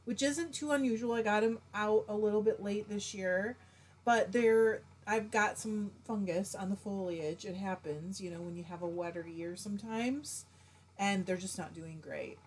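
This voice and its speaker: A woman's voice: mid-range voice, moderate pace, a little mellow. A middle-aged woman hosting a casual live stream, chatting and greeting viewers by name as she reads their comments.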